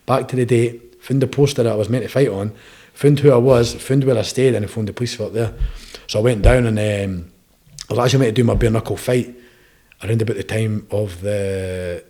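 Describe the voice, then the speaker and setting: A man's voice: on the low side, a little mellow. A young Scottish man chatting as a podcast guest, telling rambling stories and tagging his sentences with "eh?". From Scotland. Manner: rapid, rambling storytelling with frequent "eh?" tags. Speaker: podcast guest, bare knuckle boxer. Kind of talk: casual interview chat.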